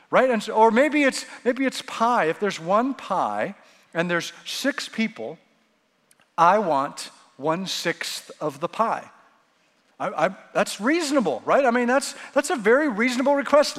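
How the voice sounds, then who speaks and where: A man preaching a sermon as pastor, lively and animated, acting out the voices of the people he quotes. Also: high voice, big-room sound.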